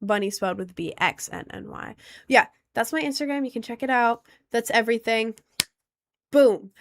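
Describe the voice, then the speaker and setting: Woman, streamer, casual live-stream chat, rambling, filler-heavy, fairly high voice. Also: normal speed, gravelly, a little hiss or hum. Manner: rambling, chatty, lots of fillers and restarts.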